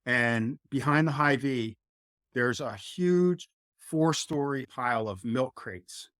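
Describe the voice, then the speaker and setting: Animated middle-aged man telling stories. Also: mid-range voice, slow, no room sound, clean studio sound. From New Jersey. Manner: animated, acts out quotes. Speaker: former college football lineman, guest. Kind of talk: casual interview storytelling.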